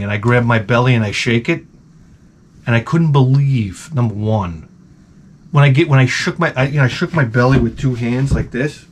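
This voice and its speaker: A man ranting casually to the camera, profane and wry, acting out quotes as he tells funny stories. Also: moderate pace. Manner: animated storytelling, acts out quotes in a high voice. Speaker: vlogger. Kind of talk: casual comedic rant.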